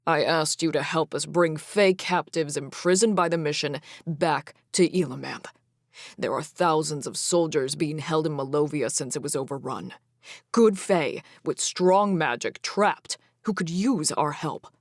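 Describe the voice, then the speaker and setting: A woman's voice: low voice, a little slow, no room sound, studio quality. A woman voicing a proud male Fae king who spits out furious, formal accusations in an audiobook fantasy reading. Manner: spitting, fierce.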